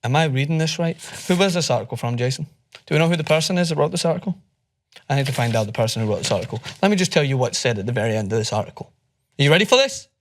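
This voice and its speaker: A young Scottish man co-hosting a sports talk show, joking and chatting fast. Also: medium pitch. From Scotland. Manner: fast-talking, joking, animated. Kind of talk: casual chat.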